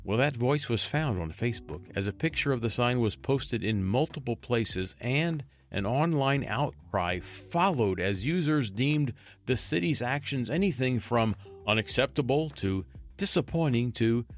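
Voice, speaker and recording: A man's voice: mid-range voice, expressive, measured pace, faint music behind. A man reading a local news story aloud and adding chatty, wry asides as a storytelling host.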